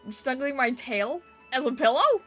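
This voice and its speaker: A high, bright-voiced woman chatting on a live stream, laughing easily as she reacts to her chat. She talks in a casual, playful way, with soft music running faintly behind her. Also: very animated, moderate pace.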